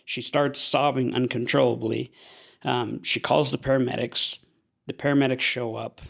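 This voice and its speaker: Young guy from idaho on a podcast, gravelly voice, halting and earnest, lots of restarts. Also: mid-range voice, fairly even intonation, a bit bright. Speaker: podcast guest. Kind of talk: personal storytelling.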